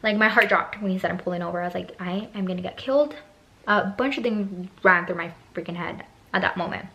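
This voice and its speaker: A woman in her twenties telling a personal story on her vlog, animated, swearing freely and acting out both sides of the conversation. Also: lowish voice, fast, vocal fry, slight background noise. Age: 20s. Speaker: beauty vlogger.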